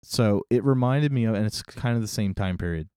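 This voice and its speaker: Deep, mellow-voiced man chatting about movies. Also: brisk, clean tone, dry recording, clean studio sound. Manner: rambling, retells scenes with laughs. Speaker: podcast host. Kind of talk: casual movie discussion.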